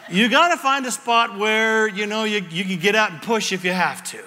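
A man preaching a sermon as pastor, telling stories with sudden shouts and hushed whispers. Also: sits high, normal speed, slight background noise. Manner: animated storytelling, shifting from shouts to whispers. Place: church sanctuary. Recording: long reverb of a large hall.

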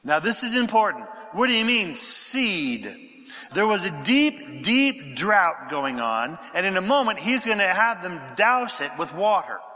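A pastor preaching a sermon, reading scripture aloud, questioning his congregation and dropping to a whisper for quiet passages. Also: high-pitched, big pitch swings, unhurried. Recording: echoey hall with long reverb.

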